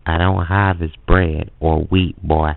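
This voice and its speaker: A gruff, bossy uncle with a thick put-on Southern US drawl barks orders at a kid, as a man puts him on. The voice is deep and gravelly. It comes through a thin, phone-like line. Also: level tone, slow, no room sound, heavily acted. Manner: scolding, bossy, calls the kid "boy". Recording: phone-like lo-fi audio.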